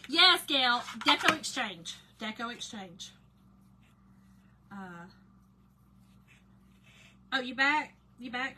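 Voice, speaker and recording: A woman hosting a casual live craft demo, greeting viewers by name and muttering to herself while she works. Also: a little high. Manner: chatty, warm greetings to chat viewers, often drops to quiet mutters while concentrating. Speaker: craft livestream host. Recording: noticeable background noise.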